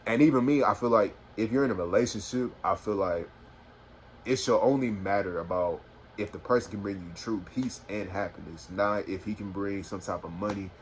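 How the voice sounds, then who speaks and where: A man's voice: on the low side, moderate pace, a little hiss or hum. A young man, telling a personal story casually on a phone, rambling with lots of fillers. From Houston, Texas. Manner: rambling, filler-heavy, animated retelling. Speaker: vlogger.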